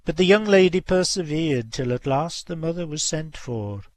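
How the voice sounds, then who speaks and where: Give me a man narrating a folk tale, measured and expressive, on a dry close mic. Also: a little high, dry recording. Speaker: storyteller. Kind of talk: reading a folk tale aloud.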